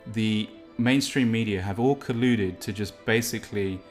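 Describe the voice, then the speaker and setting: A man's voice: on the low side, normal speed, soft background music. A man from England talking in a rambling, opinionated monologue while walking along a beach for his vlog. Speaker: vlog host. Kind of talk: casual walk-and-talk vlog. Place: outdoors on a beach.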